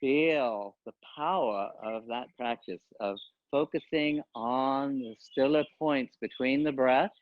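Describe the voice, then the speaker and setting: A man guiding a yoga class, giving calm, unhurried cues with pauses between them. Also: medium pitch, dry recording. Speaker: yoga teacher. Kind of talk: guided yoga instruction. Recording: dull, dry lo-fi sound.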